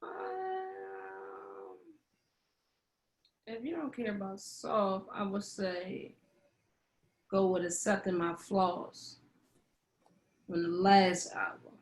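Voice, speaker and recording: A woman's voice: medium pitch, sing-song, drawn-out words, long pauses. Easygoing woman in an echoey room. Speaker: podcast guest. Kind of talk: casual conversational podcast.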